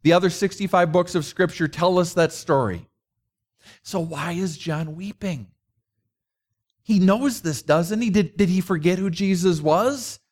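A man's voice: sits high, a little slow, a little mellow. A middle-aged man preaching a conversational sermon, mixing rhetorical questions with personal stories. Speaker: pastor.

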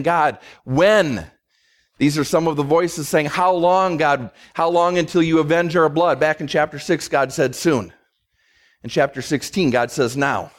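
A man preaching an expository sermon in a conversational, emphatic way, slowing down to stress key words and briefly voicing quoted speakers. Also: a little high. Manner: voices God and others in quick asides. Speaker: pastor.

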